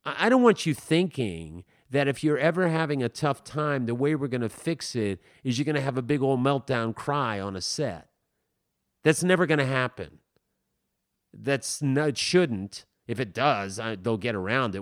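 A middle-aged male acting teacher talks in a loose, conversational way, dropping to soft asides and then punching out loud, emphatic lines. His voice sits at an ordinary male pitch, recorded close and dry with no room sound. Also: normal speed, no echo. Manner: animated, swings between soft asides and loud emphatic bursts; conversational, with frequent stammered restarts and "man". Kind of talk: informal teaching talk.

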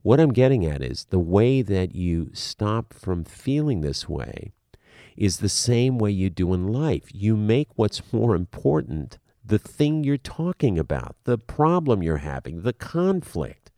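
A middle-aged man lecturing as an acting coach. He is emphatic and animated, and he often repeats a word as he starts a phrase. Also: on the low side, a little slow, gravelly, no room sound, studio quality. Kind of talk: spoken lecture to the viewer.

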